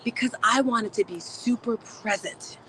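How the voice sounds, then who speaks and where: A woman's voice: fairly high pitch, unhurried, sharp tone, a little hiss or hum, low-quality recording. A woman hosting a motivational live stream, chatting upbeat and speaking straight to her viewers. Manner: upbeat, chatty, talks to chat. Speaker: host.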